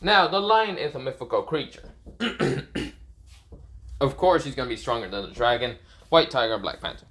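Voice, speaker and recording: A man improvising a fan story aloud, rambling with many fillers and clearing his throat often. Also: medium pitch, animated, moderate pace, pauses often, a bit bright.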